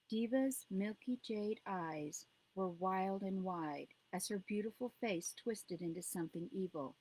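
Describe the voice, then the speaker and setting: A woman narrates her own book aloud. Her pitch sits in the middle range, and her delivery stays steady and measured. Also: low-quality recording. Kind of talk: audiobook reading.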